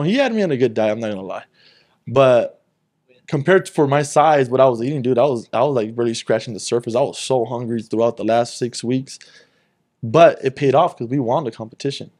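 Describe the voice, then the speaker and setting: A young man, a guest in a casual chat, rambles through a long story, swearing freely and acting out what other people said. His voice is medium in pitch with a somewhat dark tone.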